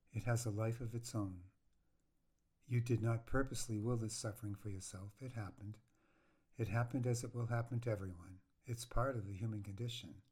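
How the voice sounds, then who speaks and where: A man voicing a blunt but caring woman friend, speaking sternly yet gently as he reads his memoir aloud. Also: mid-range voice, close to an everyday voice.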